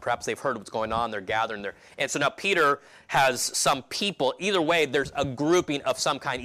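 A man's voice: medium pitch, bright, forceful tone. A man preaching a sermon in a casual, conversational way, often restarting his phrases and acting out quotes from the passage. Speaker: pastor.

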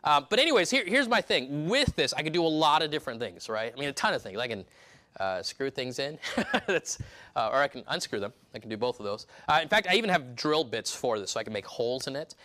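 A pastor preaching a sermon in church, emphatic, with repeated restarts and rhetorical questions. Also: male voice, medium pitch, big pitch swings, fast, bright, forceful tone.

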